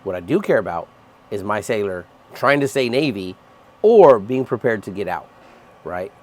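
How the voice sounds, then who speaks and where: A man's voice: lowish voice, animated, moderate pace, darkish tone. A man who is a Navy chief, ranting in a heated, profane vlog about his sailors. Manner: angry, profane, emphatic. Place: aboard a ship at sea.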